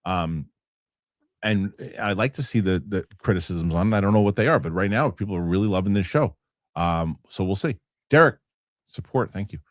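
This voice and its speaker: A man's voice: sits low, lively intonation, moderate pace, dry recording, studio quality. A middle-aged man hosting a casual live show, rambling through viewer comments and swearing freely. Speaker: host.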